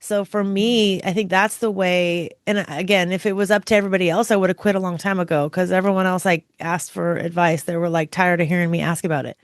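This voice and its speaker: Raspy hoarse-ish woman co-host, rambly, keeps restarting, dry close sound. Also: lowish voice, steady tone, fairly quick, hardly any pauses, no echo. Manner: rambling, self-correcting, laughs often. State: slightly hoarse. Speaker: podcast co-host. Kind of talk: casual podcast chat.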